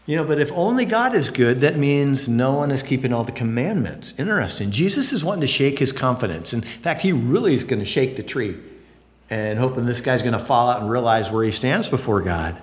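Lively earnest male preacher in a reverberant hall. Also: brisk. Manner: earnest, conversational, swings between high emphatic and low quiet phrases. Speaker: pastor. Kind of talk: sermon.

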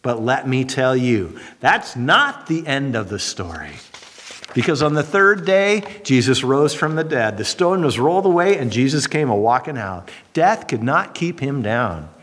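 A man preaching a sermon dramatically, swinging from high, strong emphasis down to low, quiet lines. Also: big pitch swings, a little slow. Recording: long reverb of a large hall.

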